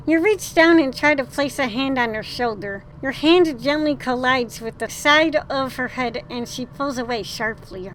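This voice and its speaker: A woman with a high voice reads a text adventure game aloud. She reads expressively and swears now and then as she plays. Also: unhurried, hardly any pauses, a little hiss or hum. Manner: expressive reading with casual swearing. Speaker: gamer.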